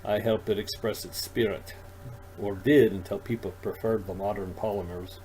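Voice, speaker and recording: A man's voice: on the low side, moderate pace, a little hiss or hum, close to an everyday voice. A man voicing an eccentric old male alien shopkeeper who mutters to himself and rambles. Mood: wistful. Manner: dithering, excitable, childlike. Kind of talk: audiobook character voice.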